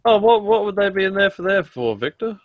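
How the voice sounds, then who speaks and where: A man co-hosting a podcast in casual chat, making teasing deadpan quips with some swearing. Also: high-pitched, brisk, narrow, tinny audio. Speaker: podcast co-host.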